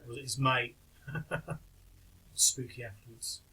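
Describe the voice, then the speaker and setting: A man's voice: medium pitch, takes it slowly, creaky, bright, forceful tone, a little hiss or hum, low-quality recording. A man giving casual reaction commentary on videos in a dry, wry, skeptical manner, with the odd chuckle.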